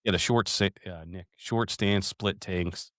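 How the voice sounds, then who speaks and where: A man's voice: sits low, fairly even intonation, unhurried, fairly bright tone, no echo, studio quality. Swearing man telling rambling stories. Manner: profane, rambling storyteller, calls listeners "dude". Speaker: podcast co-host. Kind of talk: casual podcast chat.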